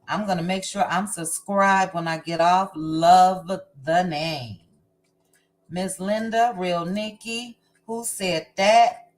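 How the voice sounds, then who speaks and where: Slow-talking woman greeting her livestream chat. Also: lowish voice. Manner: unhurried, warm greetings to chat viewers by name. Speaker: livestream host. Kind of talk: casual live chat, greeting viewers.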